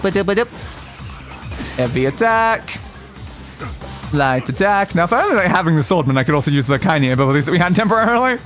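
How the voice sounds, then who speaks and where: A man streaming a video game, chatting casually and chanting playful sing-song nonsense while he plays. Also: on the high side. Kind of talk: casual gameplay commentary.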